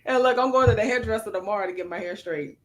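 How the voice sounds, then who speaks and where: A woman co-hosting a casual chat show, telling a story in an animated, playful way. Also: mid-range voice, quick pace. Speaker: podcast co-host.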